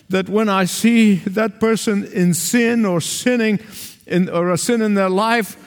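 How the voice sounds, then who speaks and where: A man's voice: high voice, big-room sound. A male pastor from the Arab world preaching a sermon with an emphatic, repetitive cadence.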